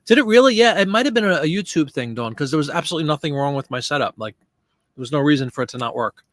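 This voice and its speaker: A man's voice: fairly high pitch, animated, quick pace, no echo. A man hosting a live listing stream, chatting casually and answering viewer comments while he works. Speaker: live stream host listing items for sale.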